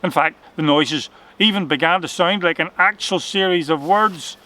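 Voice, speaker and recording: A man reading a children's adventure story aloud in an expressive, dramatic way. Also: on the high side, moderate pace.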